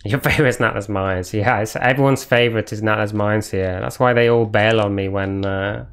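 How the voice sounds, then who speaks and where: A man's voice: lowish voice, steady tone, normal speed, a bit bright, clear, resonant tone. A man streaming a video game live, commentating and trading sarcastic jokes with his chat. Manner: joking, sarcastic banter with chat. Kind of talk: live gameplay commentary chatting with viewers.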